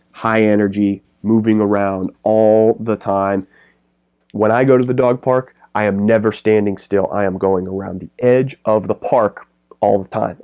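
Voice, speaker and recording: Energetic man giving pet business advice. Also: fairly low pitch. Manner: energetic, rambling, quick bursts. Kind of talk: direct-to-camera business advice.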